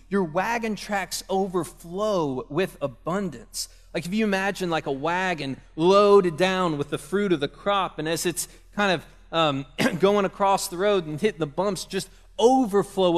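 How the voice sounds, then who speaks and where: A young man preaching a sermon in a casual, conversational way, telling stories from home and speaking directly to parents. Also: high-pitched. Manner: conversational, storytelling with asides to parents. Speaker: pastor. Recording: long reverb of a hall.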